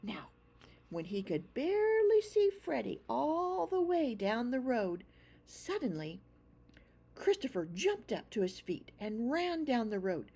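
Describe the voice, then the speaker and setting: Breathy woman reading a children's story. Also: on the high side. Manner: expressive, slow read-aloud.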